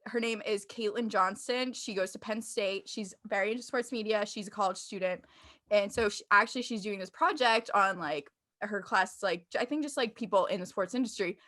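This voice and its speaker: A young woman co-hosting a casual podcast, upbeat and quick to giggle. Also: on the high side, fairly bright tone. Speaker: podcast co-host.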